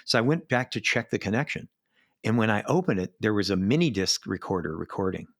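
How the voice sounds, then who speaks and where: A middle-aged man, a live sound engineer, telling animated backstage stories in a casual interview. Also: lowish voice, a little fast, creaky, dry recording, studio quality. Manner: animated anecdotes, acts out quoted voices.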